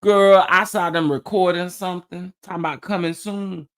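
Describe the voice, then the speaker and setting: A high-pitched, smooth male voice at normal speed. He's the host of a gossip chat show, casually recounting stories to viewers in an animated way, laughing and exclaiming throughout.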